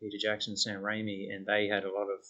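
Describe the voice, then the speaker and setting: Low-voiced man in podcast chat. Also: monotone, fast talker, bright, forceful tone, highs cut off. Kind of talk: casual film podcast chat.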